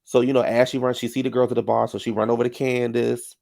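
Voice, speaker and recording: A man's voice: medium pitch, flat delivery, fast, creaky, darkish tone. A man giving casual, sassy reality-TV recap commentary, full of slang like "child" and "honey.".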